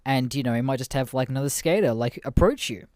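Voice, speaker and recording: A man's voice: mid-range voice, fast talker, a little mellow, no echo, clean studio sound. A sweary man in his twenties telling stories. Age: 20s. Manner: profane, laughs often, rambling with many fillers. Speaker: podcast host. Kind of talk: casual podcast storytelling.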